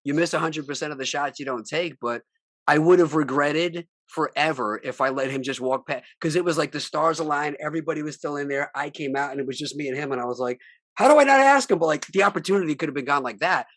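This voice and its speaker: A man's voice: on the high side, fairly even intonation, quick pace, fairly bright tone, no echo, clean studio sound. A man hosting a podcast, telling a story in casual, chatty talk with some swearing. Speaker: podcast host. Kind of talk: casual chat.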